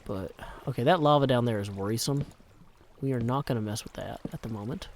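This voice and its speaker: A man's voice: mid-range voice, brisk, slight background noise. Chatty man streaming a game. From Nashville, Tennessee. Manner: chatty, self-deprecating, often drops to a hushed mutter. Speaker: gaming streamer. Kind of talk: casual live gameplay commentary.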